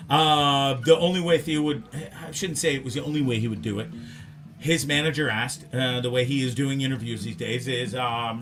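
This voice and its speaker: A man hosting a live talk show, rambling and animated, swearing freely. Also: on the high side. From Canada. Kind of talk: casual live show chat.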